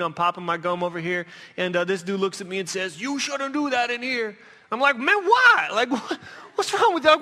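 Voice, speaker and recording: A high, bright male voice tells funny church stories from the pulpit, teasing the congregation and asking them questions. His lively delivery rings through the long reverb of a church hall. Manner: animated, joking, pulls the audience in with questions. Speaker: preacher and professor. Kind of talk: humorous sermon storytelling. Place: church sanctuary.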